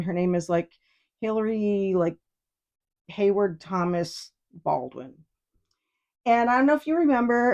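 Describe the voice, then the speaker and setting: A woman's voice: medium pitch, a little mellow. Middle-aged woman, casual podcast monologue, frank and chatty, restarts often. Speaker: podcast host.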